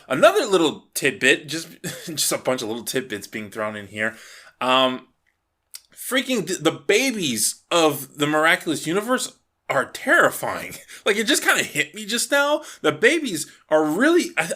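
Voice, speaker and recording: A man's voice: fairly high pitch, pushed and bright. A man giving a casual, rambling episode recap, often correcting himself and laughing as he goes. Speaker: show reviewer.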